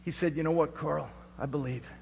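A middle-aged man from Alaska preaching a sermon and telling his own story. He moves between hushed storytelling and loud, rising preaching. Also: a little high, steady tone, a little fast, vocal fry, in a large hall, a little hiss or hum. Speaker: pastor. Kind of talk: sermon with personal testimony.

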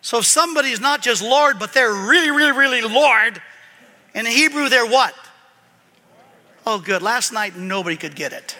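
A man preaching a sermon as pastor, animated, swinging from loud emphasis to quiet asides. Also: very high-pitched, takes it slowly, long pauses. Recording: long hall reverb.

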